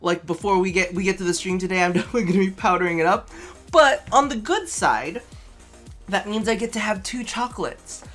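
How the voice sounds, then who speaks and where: A man's voice: high-pitched, a little fast, a bit bright, soft background music. A man vlogging casually to camera from his apartment, a little tipsy, rambling, chatty and swearing freely. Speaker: vlogger host.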